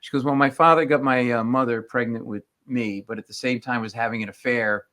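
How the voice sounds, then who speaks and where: A man, a comedian, telling stories on a radio show and acting out the people in them. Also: fairly quick. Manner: animated storyteller, acts out quoted people in rising pitch. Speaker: comedian guest.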